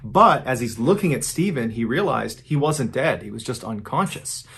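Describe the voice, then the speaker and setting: A man hosts a true-crime storytelling podcast, recounting events in a relaxed, conversational manner. His voice sits at an ordinary middle pitch, and he steadily builds suspense as he goes. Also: moderate pace, creaky, slightly rough. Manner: casual, conversational retelling with dramatic build. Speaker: podcast host.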